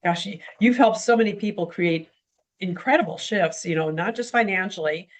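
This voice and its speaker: A woman's voice: mid-range voice, moderate pace. A woman hosting an interview, affirming her guest with frequent encouraging interjections and asking her questions. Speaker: host. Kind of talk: interview host.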